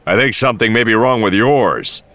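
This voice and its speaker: A man voicing a loud, exasperated, hot-tempered smuggler in an audiobook. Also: on the low side, moderate pace, voice pushed up, close to an everyday voice. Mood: incredulous. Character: hot-tempered male space smuggler, adult.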